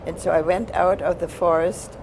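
An older woman, not an English speaker, telling her own wartime story in an earnest, halting way. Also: lowish voice, steady tone, a little mellow, slight background noise, poor audio. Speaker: interviewee recounting wartime experiences. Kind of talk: personal oral-history storytelling.

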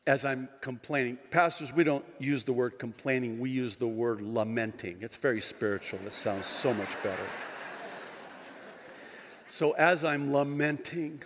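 A male pastor delivers a sermon at a deliberate, unhurried pace, his voice ringing with long reverb through a big conference hall. He drops into quiet, wry asides and then climbs into fervent shouts, slipping in jokes along the way. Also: medium pitch. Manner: swings from quiet asides to impassioned shouting, with joking digressions.

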